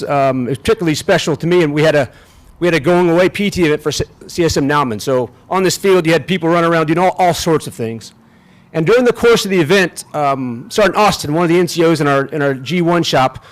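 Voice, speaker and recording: Folksy general giving a field speech. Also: male voice, fairly high pitch. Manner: folksy, self-deprecating, halting with restarts. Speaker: general officer speaking at a ceremony. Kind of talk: ceremonial speech with humor. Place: outdoors on a field.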